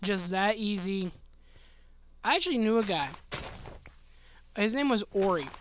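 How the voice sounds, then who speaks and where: Sleepy young man rambling slowly. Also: sits high, expressive, a bit bright, a little hiss or hum, low-quality recording. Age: 20s. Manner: rambling, chuckling, trailing off mid-thought. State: sleepy, yawning. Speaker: gaming channel host answering questions. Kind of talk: casual late-night Q&A chat.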